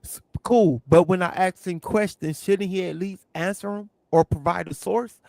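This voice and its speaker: A man's voice: high voice, moderate pace, vocal fry, a little mellow, no echo. A man arguing heatedly on a live stream debate, insistent and combative, repeating his points. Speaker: debate panelist.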